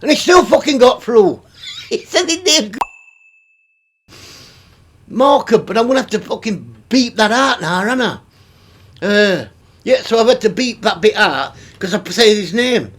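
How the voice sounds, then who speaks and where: The YouTube commentary host, a middle-aged man with a high, fairly bright voice, rants very animatedly yet unhurriedly, leaving long pauses. He curses freely, sounds exasperated and laughs between comments.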